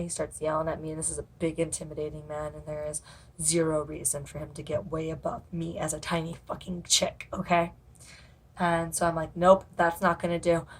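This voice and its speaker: Rambling, cussing woman with a lowish voice. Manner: rambling, swears freely, lots of fillers. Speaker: haunted house actor. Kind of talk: casual storytelling vlog.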